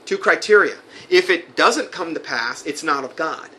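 A man's voice: a little high, animated, normal speed, pushed and bright, a little hiss or hum. A man preaching fiery commentary, reading a letter aloud and then rebutting it with indignation. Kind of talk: sermon-style commentary read from a recording.

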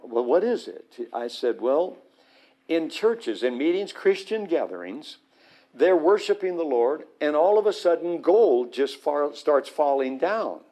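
Guy telling a faith story, kinda high voice, acts out everyone. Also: a little slow. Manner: animated anecdote, acts out the voices. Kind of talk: storytelling testimony.

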